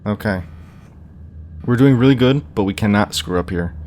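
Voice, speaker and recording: A man's voice: lowish voice, normal speed, a little mellow, a little hiss or hum. A young man commenting on a horror game as he plays, talking to himself, groaning and exclaiming when things go wrong. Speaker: gameplay commentator. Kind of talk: let's play commentary.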